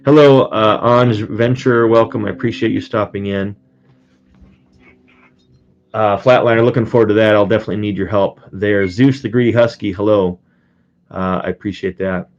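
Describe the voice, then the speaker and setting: A man's voice: lowish voice, fairly even intonation, normal speed, muffled recording. A man casually chatting on a test live stream, rambling and greeting viewers by name, with frequent fillers and restarts. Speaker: streamer and coin collector.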